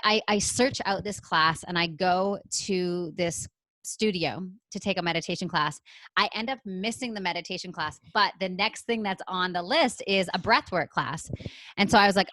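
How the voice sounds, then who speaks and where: Animated Canadian-raised woman telling her story. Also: fairly low pitch, dry recording, poor audio. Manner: animated, acts out her own past lines. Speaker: guest. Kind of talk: storytelling interview answer.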